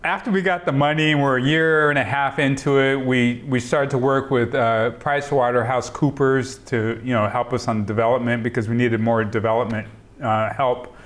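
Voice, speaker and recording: Animated storytelling man on a video call. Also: medium pitch, moderate pace. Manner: animated storyteller, acts out quoted dialogue, laughs often. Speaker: interviewee, software entrepreneur. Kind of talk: oral history interview over video call.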